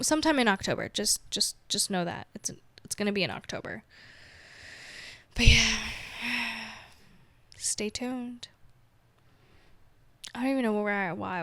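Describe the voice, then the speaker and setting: A woman's voice: mid-range voice, a bit bright, no room sound. A woman hosting her own podcast, chatting casually in a rambling, self-mocking way and laughing often. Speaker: podcast host. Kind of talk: casual solo chat.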